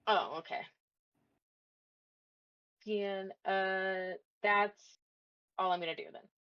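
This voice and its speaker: A woman in a tabletop game reads out a spell slowly and hesitantly, full of fillers. Her dull, lo-fi mic takes the edge off her voice. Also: mid-range voice, steady tone, clear, resonant tone. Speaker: player. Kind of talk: reading out a spell.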